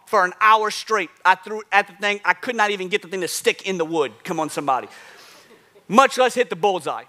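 Animated high-voiced preacher man. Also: fairly quick. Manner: animated preaching with acted asides and call-outs. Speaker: pastor. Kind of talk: sermon.

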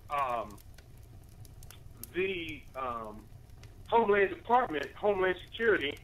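Man commentator with a bright, slightly high voice, talking loosely and peppering every point with rhetorical questions. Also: low-quality recording. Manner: rambling, full of rhetorical questions and "right?" tags; addresses listeners as family. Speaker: radio commentator. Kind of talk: casual spoken commentary.

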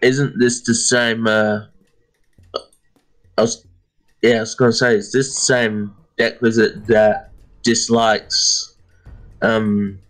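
A man's voice: fairly low pitch, little pitch movement, takes it slowly, long pauses, a bit bright, faint music behind, low-quality recording. A man playing a tabletop game, talking in a laid-back, casual way. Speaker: player.

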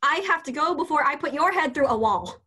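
A woman reading an impatient young woman who tutors French and snaps quickly. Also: sits high, animated, pushed and bright, voice pushed up. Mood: exasperated. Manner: exasperated, quick to snap. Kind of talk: amateur scene reading.

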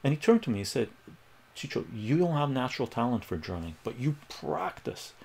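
A man's voice: medium pitch, quick pace. A middle-aged man, a streaming math tutor, telling a story in casual, rambling livestream chat with frequent laughs. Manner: rambling, animated, laughs often, acts out quoted voices.

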